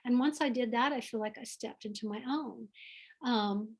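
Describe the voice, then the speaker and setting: A woman from the American South talks in a reflective, heartfelt way, her Southern accent clear in every phrase. Her voice sits slightly high for a woman, and she takes her time. It sounds like a video call. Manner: earnest, heartfelt, unhurried. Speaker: author guest.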